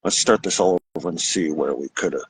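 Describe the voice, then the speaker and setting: A man hosting a podcast, lecturing about relationships in a blunt, casual way with some swearing, switching between fast bursts and slow, drawn-out emphasis. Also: low-pitched, slight background noise, rough recording. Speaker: podcast host. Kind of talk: relationship advice monologue.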